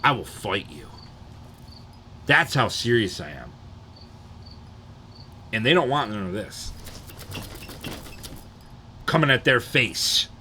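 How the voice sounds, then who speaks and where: Bright-voiced man in casual stream chat. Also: mid-range voice, sing-song, takes it slowly, pauses often, slight background noise. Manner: profane, rambling storytelling.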